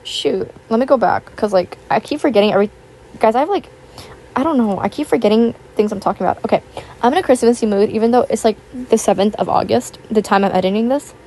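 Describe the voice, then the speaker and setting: Rambling, chatty young woman, slightly high. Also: fast, warm tone. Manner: rambling, chatty, filler-heavy, self-conscious. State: voice a little rough. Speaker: YouTuber. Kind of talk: casual chat over gameplay.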